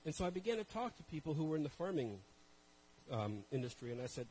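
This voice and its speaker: A man's voice: on the high side, big pitch swings, fast talker, dark tone, rough recording. Conversational male preacher with a light hum behind him. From Canada. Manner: conversational, self-deprecating, addresses audience directly. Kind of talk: sermon with personal storytelling.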